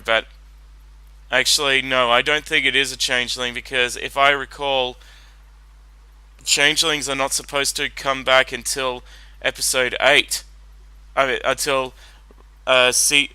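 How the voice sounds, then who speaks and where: A man's voice: medium pitch, flat delivery, unhurried, long pauses, pushed and bright, clear, resonant tone, no echo, poor audio. A man giving casual commentary while watching a cartoon, rambling and hesitant, often correcting himself. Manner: rambling, hesitant, self-interrupting. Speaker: reaction video host.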